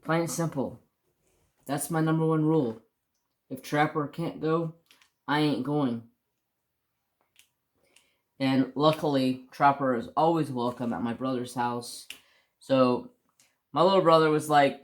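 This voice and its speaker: A man's voice: mid-range voice, unhurried, pauses often. A man casually telling a long personal story on his crafts channel, rambling with restarts and mild swearing. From United States.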